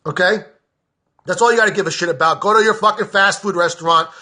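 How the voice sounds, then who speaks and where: An American veteran speaks to the camera in a high, fast, pushed, and bright voice. He's agitated, delivering a heated political rant that is profane and sarcastic.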